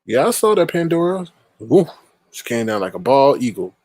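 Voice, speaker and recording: A man's voice: mid-range voice, very animated, moderate pace, darkish tone, dry recording. A man hosting a casual live chat, playful and teasing. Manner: playful, teasing, makes bird calls. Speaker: host.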